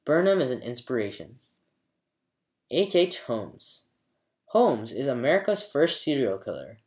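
Expressive folktale narrator, animated, recorded in an echoey room. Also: mid-range voice, measured pace. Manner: expressive, dramatic reading. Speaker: book reviewer and storyteller. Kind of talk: scripted narration of a review and a folktale.

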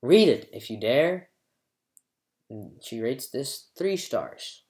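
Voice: medium pitch, lively intonation, slow, darkish tone, roomy sound. A storyteller giving a scripted book review and then reading a folktale aloud with dramatic expression.

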